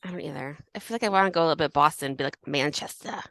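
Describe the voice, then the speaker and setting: A woman's voice: deep voice, vocal fry, fairly bright tone. A woman co-hosting a podcast, chatting playfully and laughing with her co-host. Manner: quick, giggly, playful. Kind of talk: casual chat.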